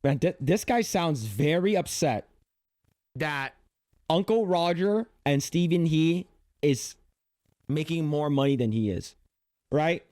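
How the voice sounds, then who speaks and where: A man's voice: a little high, expressive, slow pace, long pauses, a little mellow, dry recording, clean studio sound. Exasperated, foul-mouthed reactor man. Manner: profane, exasperated, repeats himself. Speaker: livestream reactor. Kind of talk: casual reaction commentary.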